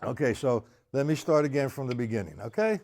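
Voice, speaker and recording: A man's voice: medium pitch, expressive, fairly quick, very noisy. A man teaching drums on a live stream, chatting casually and counting beats aloud. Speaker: drum teacher. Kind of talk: live-streamed drum lesson.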